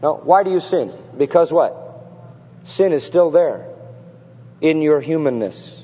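Fervent preacher, slightly high male voice. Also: expressive, unhurried, mellow, breathy edge. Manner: asks rhetorical questions and reads scripture with rising fervor. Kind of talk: sermon. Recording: reverberant, dull lo-fi sermon recording.

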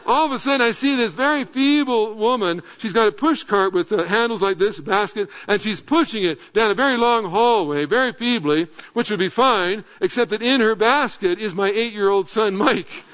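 A middle-aged male pastor telling a lively story in a sermon, then sinking into earnest, low, quiet appeals. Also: normal speed, few pauses. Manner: animated anecdote, dropping to earnest low tones. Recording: dull lo-fi sound.

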